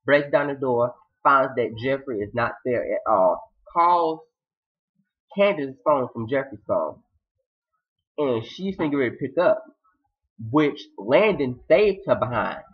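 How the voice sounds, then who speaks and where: Guy doing a tv recap, slangy and animated, kinda muffled lo-fi sound. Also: medium pitch, a little slow, slightly rough. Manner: animated, slangy, dramatic retelling. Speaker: TV recap vlogger. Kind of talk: casual TV episode recap. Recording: slightly dull lo-fi audio.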